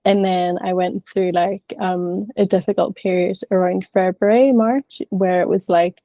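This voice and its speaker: A woman's voice: lowish voice, fairly even intonation, a little slow, mellow, dry recording. A woman in her thirties sharing openly and chattily in an online class, with plenty of filler words. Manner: frank, chatty, many fillers. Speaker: class participant.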